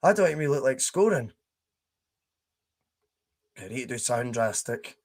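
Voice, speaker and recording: A man's voice: mid-range voice, sing-song, moderate pace. Chatty Scottish man streaming a game. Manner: chatty, laughs often, reads chat aloud. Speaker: podcast host streaming a game. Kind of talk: casual live-stream chat.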